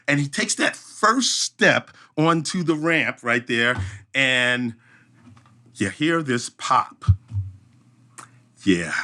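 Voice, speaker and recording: Bright-voiced man telling a lively story. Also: a little high. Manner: lively, hums sound effects, frequent restarts. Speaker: event emcee and podcast guest. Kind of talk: animated storytelling in conversation.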